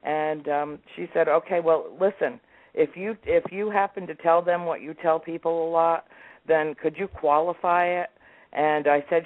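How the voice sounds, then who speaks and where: A woman in her sixties, a guest in a remote interview, tells family stories in a low-pitched voice at a moderate pace, animatedly acting out her relatives' lines. She's heard over a phone or call line, so the audio is tinny and dry with no echo.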